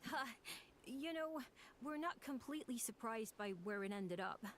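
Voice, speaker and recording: An actress with a Midwestern American accent voicing a matter-of-fact shipwreck researcher in a game. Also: female voice, a little high, expressive, moderate pace, fairly bright tone, slight background noise. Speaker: expedition researcher.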